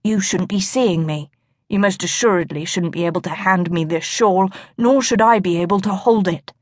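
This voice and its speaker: A woman narrator voicing a stern, mysterious nobleman in an audiobook, with a deep, commanding tone. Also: normal speed, no room sound, clean studio sound, close to an everyday voice. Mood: puzzled muttering.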